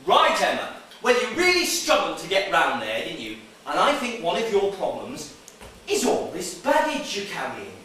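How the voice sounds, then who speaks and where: A man's voice: high-pitched, wildly swooping pitch, moderate pace, sharp tone, a little hiss or hum, heavily acted. An actor in a stage play playing Bob, a brash, pushy game show host who talks down to his contestant. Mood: patronizing. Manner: showy, bossy, speaks down to the contestant. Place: theatre stage. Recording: echoey theatre from far off, faint music.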